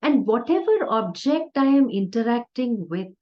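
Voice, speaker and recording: A woman spiritual teacher giving a conversational, playful discourse with soft laughs. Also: fairly high pitch, animated, normal speed. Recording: dull lo-fi recording.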